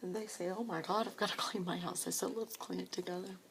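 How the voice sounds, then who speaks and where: A woman telling her own story of supporting grieving people, speaking softly and often dropping to a whisper, tearful at times. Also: fairly low pitch, steady tone, fast talker, slight background noise. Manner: soft, hushed, often breaking into a whisper. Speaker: grief support volunteer. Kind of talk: personal storytelling.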